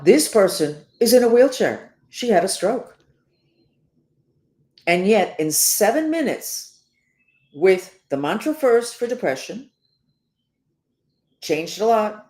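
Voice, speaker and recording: A woman's voice: deep voice, a little mellow, echoey room. A woman hosting a self-help talk, rambling and sarcastic, with emphatic stresses. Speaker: host.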